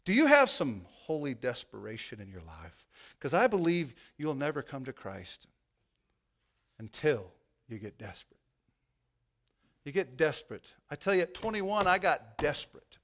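A male pastor preaching an impassioned sermon in a folksy way with joking asides, swinging from hushed lines to loud ones. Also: fairly high pitch, huge pitch swings, normal speed.

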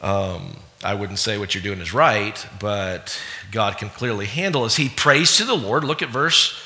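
A man preaching a sermon in an animated way, acting out little voices and laughing often as he talks to the congregation. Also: on the low side, unhurried. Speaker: pastor. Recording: long hall reverb.

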